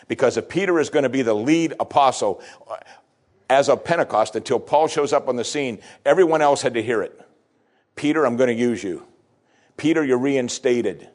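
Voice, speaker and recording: A middle-aged man preaching a sermon, acting out scripture dialogue with big swings in his voice. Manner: expressive preaching, acting out scripture dialogue with sweeping pitch shifts. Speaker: pastor.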